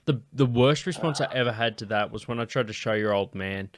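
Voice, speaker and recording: A man's voice: medium pitch, a little fast, background noise. A young Australian man hosting a comedy podcast, chatting casually in a crude, rambling way with a lot of swearing. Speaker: podcast host.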